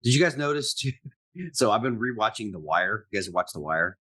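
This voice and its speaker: A man co-hosting a casual podcast chat, animated and talkative, often slipping into acted-out quotes. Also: on the low side, a little fast. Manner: animated, chatty, acts out quotes. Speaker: podcast co-host.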